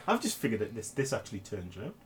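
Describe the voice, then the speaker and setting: A man co-hosting a comic podcast with dry, deadpan banter. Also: on the low side, fairly quick. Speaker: podcast co-host.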